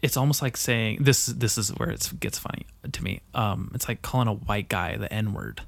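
Profane, excitable young man, dry sound. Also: fairly low pitch, moderate pace, gravelly, no echo. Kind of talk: casual chat.

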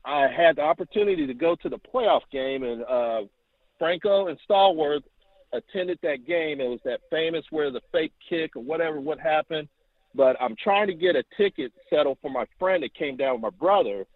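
A man calling in to tell a long story, animated and acting out quotes, heard over the phone. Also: moderate pace, dry recording. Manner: animated, acts out quotes with rising pitch. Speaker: caller. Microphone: telephone. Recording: tinny phone line.

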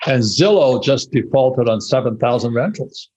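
Older male interview guest from Hawaii, husky, blunt and profane, tells lively anecdotes. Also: medium pitch, normal speed, dull audio. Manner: profane, animated storytelling, laughs while talking. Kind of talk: blunt casual interview talk.

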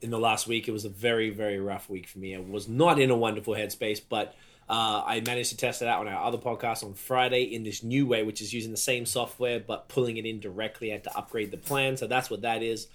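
A man's voice: fairly low pitch, fairly even intonation, quick pace, a bit bright. A young Australian man co-hosting a podcast, chatting casually with swearing and jokes. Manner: sweary, joking banter. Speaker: podcast co-host. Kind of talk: casual chat.

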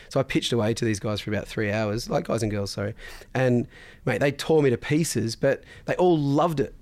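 A man's voice: mid-range voice, normal speed, a little mellow. A man, a guest in a casual interview, telling stories bluntly and swearing freely. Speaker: podcast guest, business founder.

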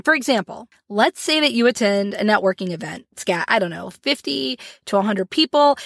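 A woman hosting a solo podcast, talking in an animated way with frequent laughs and acted-out little scenes. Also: fairly high pitch, no room sound, clean studio sound. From Florida, US. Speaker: podcast host.

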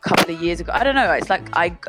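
A woman's voice: fairly low pitch, expressive, rapid-fire, over loud music. A woman musician being interviewed, talking chattily, often cutting herself off and laughing. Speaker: musician guest. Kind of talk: casual interview chat. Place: London, remote call.

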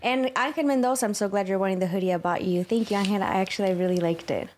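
A woman co-hosting a livestreamed podcast, reading viewer super chats one after another. She keeps an upbeat tone and laughs easily. Her voice sits at a middle pitch for a woman. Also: very fast, darkish tone, slight background noise. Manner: upbeat, laughs often while reading names. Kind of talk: casual chat.

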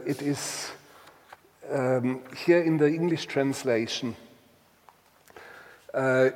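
Male storyteller, deliberate and halting delivery, very slow, recorded with a long reverberant tail. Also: mid-range voice. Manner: halting, deliberate, with many restarts. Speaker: guest telling a story. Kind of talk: slow reflective storytelling with readings.

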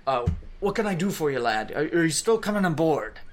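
A man voicing a gruff human ship captain with a pirate accent and a blustery, forgetful manner. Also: fairly high pitch, very animated, a little fast, pitched above the performer's own voice.

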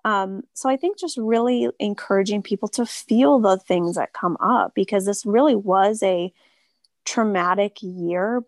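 A woman who practices Reiki talks casually and softly in an interview, with many filler words. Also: mid-range voice, dry recording. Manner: soft-spoken, lots of filler words. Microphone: remote call.

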